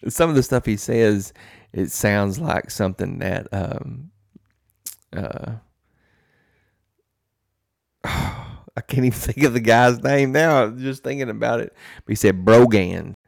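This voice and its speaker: A man's voice: medium pitch, a little slow, gravelly, no room sound, studio quality. A man co-hosting a casual chat, telling stories in a folksy way and acting out phone calls. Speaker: co-host.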